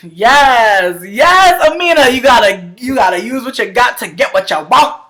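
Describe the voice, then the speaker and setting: Loud, brassy woman ranting on a livestream. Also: brisk. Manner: animated, profane, swings between loud outbursts and low mutters. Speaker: reality TV reviewer. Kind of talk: casual livestream commentary. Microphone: webcam livestream.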